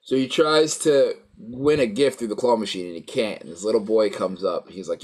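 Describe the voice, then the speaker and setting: A man's voice: on the low side, moderate pace, darkish tone. A man casually recapping a story, rambling with many fillers and acting out quoted lines. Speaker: co-host recapping a show. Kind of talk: casual chat.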